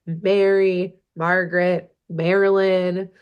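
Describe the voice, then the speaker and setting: A woman's voice: fairly low pitch, little pitch movement, slow, clear, resonant tone, dull audio. Laid-back woman retelling a cartoon. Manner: laid-back storyteller, laughs often, swears casually. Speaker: podcast host recapping a cartoon episode. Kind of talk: casual chat.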